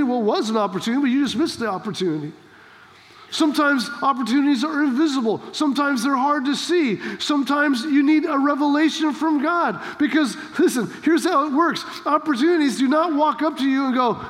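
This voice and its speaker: High-voiced man preaching in a hall. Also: animated, a little fast. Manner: emphatic, rhetorical questions, rising to shouts. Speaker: pastor. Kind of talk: sermon. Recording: long hall reverb.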